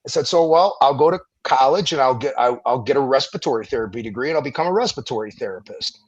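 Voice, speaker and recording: Husky middle-aged man telling stories. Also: medium pitch, quick pace, highs cut off. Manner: animated, profane, acts out quoted people. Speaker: guest, Marine veteran and former firefighter. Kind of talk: casual storytelling interview.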